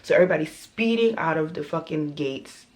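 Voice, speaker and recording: Animated young woman telling a story. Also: sits low, brisk. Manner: animated, profane, dramatic retelling. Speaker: vlogger. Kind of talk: storytime vlog.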